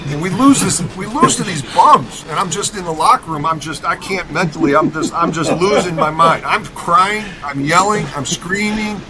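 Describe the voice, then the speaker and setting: A middle-aged man from Rockford, Illinois tells an animated story on a podcast, leaning hard on every point and tagging his lines with "okay?". His voice sits a little high for a man. The chatter of a crowd carries on behind him. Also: normal speed, hardly any pauses, low-quality recording. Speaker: podcast guest, former college basketball player.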